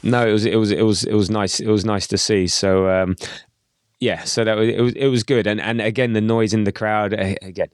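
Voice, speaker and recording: A man co-hosting a casual football podcast, talking in a halting way with many restarts and repeated words. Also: lowish voice, steady tone, clean tone, no echo. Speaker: podcast co-host.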